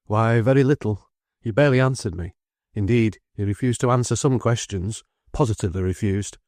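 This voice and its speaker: A man voicing a brisk, decisive middle-aged defence lawyer who speaks quickly and with emphasis. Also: lowish voice, darkish tone, dry recording, clean studio sound, close to an everyday voice.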